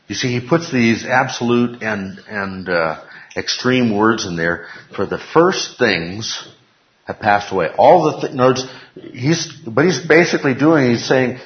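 A man's voice: mid-range voice, a little slow. A man teaching a Bible class, emphatic, repeating key phrases and putting questions to the class. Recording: echoey room, dull lo-fi sound.

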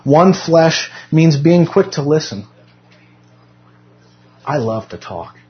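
A man's voice: a little high, animated, slow pace, dull audio. A young adult man teaching a Sunday school class in a chatty, self-deprecating way, often restarting his sentences. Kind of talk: casual church teaching. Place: church classroom.

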